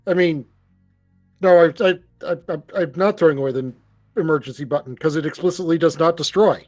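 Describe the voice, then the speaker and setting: High-voiced man playing a tabletop game. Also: a little mellow, soft background music. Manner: chatty, quick, laughing asides, stammering restarts. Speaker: player. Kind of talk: casual tabletop play.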